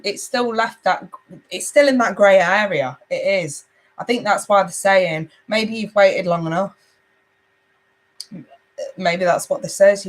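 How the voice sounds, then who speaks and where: Chatty woman reading tarot live. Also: medium pitch. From United Kingdom. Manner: chatty and affectionate, reading out viewers' comments. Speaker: tarot reader hosting a livestream. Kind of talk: casual livestream chat.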